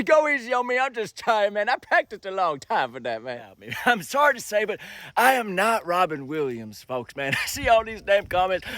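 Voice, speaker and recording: A man's voice: sits high, fairly bright tone, a little hiss or hum. A man talking casually to camera in a social media clip, chatty and laughing, calling everyone "man".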